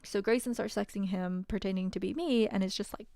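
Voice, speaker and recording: A woman's voice: mid-range voice, brisk, creaky, mellow, dry recording, clean studio sound. A woman telling a personal story in a casual, wry way, full of fillers. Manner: chatty, wry, many fillers and laughs.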